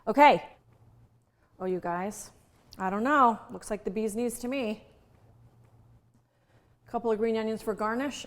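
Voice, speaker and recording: A woman's voice: a little high, measured pace, pauses often. A woman chef teaching a recipe in a kitchen, chatty and playful with jokey asides. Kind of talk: casual home cooking demonstration.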